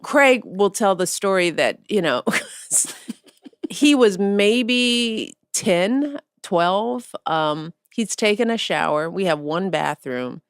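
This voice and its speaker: A woman's voice: medium pitch, takes it slowly, clear, resonant tone, dry recording, clean studio sound. A woman in her sixties, a podcast guest, telling family stories with laughter and acted-out quotes. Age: 60s. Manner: animated storyteller who laughs and acts out family quotes. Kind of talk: casual interview chat.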